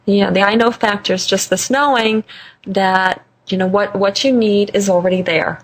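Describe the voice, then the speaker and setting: A woman guest in an interview, telling a personal story in an animated way, laughing often and repeating phrases for emphasis. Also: medium pitch, normal speed. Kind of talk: conversational storytelling.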